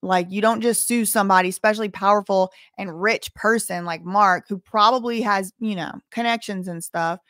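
A woman's voice: medium pitch, fairly even intonation, normal speed, few pauses, a bit bright, dry recording, clean studio sound. A woman commenting skeptically on a live stream, weighing claims and mocking what she doubts.

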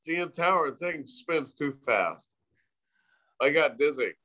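A man's voice: fairly high pitch, animated, slow pace, pushed and bright. A man chatting as a guest in a casual interview, joking and teasing the host.

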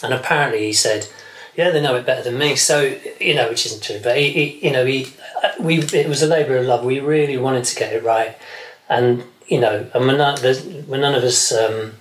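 Male guest, mid-pitched, meandering chat full of restarts; roomy echo. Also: moderate pace. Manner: rambling, many restarts and fillers. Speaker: session guitarist guest. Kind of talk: casual interview chat.

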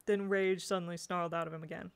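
A woman's voice: lowish voice, level tone, fast, clear, resonant tone. Woman reading a storybook aloud. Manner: unpolished, occasional slips and restarts. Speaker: audiobook reader. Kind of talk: storybook narration.

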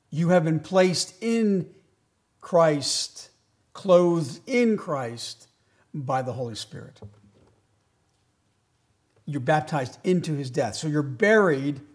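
A pastor delivering a sermon in a fairly high man's voice. He swings from loud, emphatic lines to quiet asides. He slows right down to stress key phrases.

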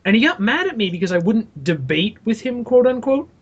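A man's voice: sits high, sing-song, a little fast, husky, dull audio. A young adult man co-hosting a casual podcast, ranting animatedly and swearing freely. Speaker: podcast co-host.

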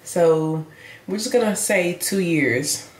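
A woman's voice: on the low side, slow pace, echoey room. A young woman, chatting casually and playfully in a self-filmed vlog, swearing freely. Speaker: vlogger.

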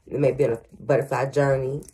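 Low, mellow-voiced grandmother doing a reading. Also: steady tone, fast talker. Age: older. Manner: stuttering, fillers, addresses viewers as y'all and honey. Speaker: psychic medium. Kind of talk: casual tarot reading to viewers.

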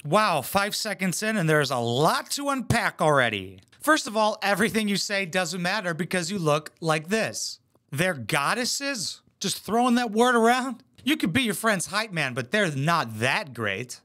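A man's voice: high voice, sing-song, unhurried, bright, forceful tone. A man hosting a reaction video, giving blunt, mocking commentary full of swearing. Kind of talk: profane sarcastic commentary.

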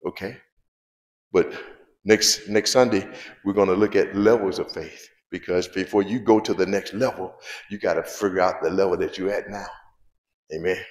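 A man with a low voice preaches to his congregation, repeating key lines and throwing out questions for them to answer. His grammar is loose and conversational. The sound carries the echo of a large church room. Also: fairly even intonation, moderate pace. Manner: preaching with call-and-response questions and repetition; informal spoken grammar, drops verbs. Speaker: pastor. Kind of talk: sermon.

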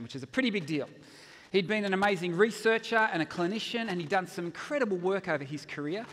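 A man speaks at a chapel gathering with a high voice that leaps all over the place as he tells a story. He acts out the people in it with gusto, and his words ring on in the long reverb of the chapel. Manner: animated storyteller who acts out quotes. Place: university chapel.

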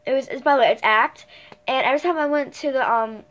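A woman's voice: high-pitched, fast, a bit bright. A girl in her early teens chatting casually through a storytime vlog, rambling along with many fillers and self-corrections. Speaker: vlogger.

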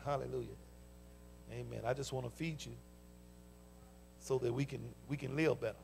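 An older pastor with a Southern US accent, preaching a fervent sermon with folksy stories and call-and-response interjections. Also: male voice, mid-range voice, steady tone, moderate pace, vocal fry, a little mellow, slight background noise. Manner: folksy storytelling. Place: church sanctuary.

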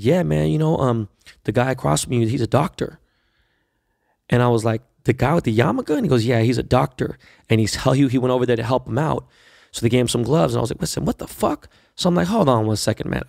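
A man's voice: medium pitch, gravelly, dry recording, clean studio sound. A man hosting a podcast, telling a long profane story in casual monologue and acting out the dialogue as he goes. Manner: profane, animated retelling with quoted dialogue. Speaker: podcast host.

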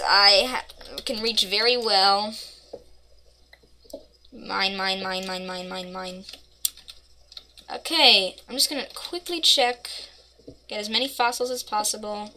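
Woman, gameplay commentary, bright, unhurried, faint keyboard clicks behind; playful and mock-dramatic. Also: on the high side, a little hiss or hum. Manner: playful, mock-dramatic narration, rambling asides. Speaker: gaming channel host.

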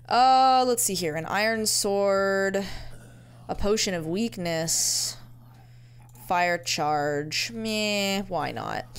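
A woman's voice: medium pitch, a little hiss or hum. A woman giving casual gameplay commentary, muttering to herself in a playful, easily amused way. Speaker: let's-play gamer.

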